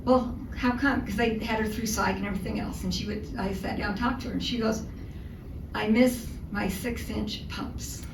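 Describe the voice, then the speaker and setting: An older woman giving a luncheon talk as a guest speaker, telling animated anecdotes with comic timing. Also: medium pitch, fast talker, hardly any pauses. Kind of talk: storytelling speech. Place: luncheon hall. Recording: echoey hall from far off, noisy.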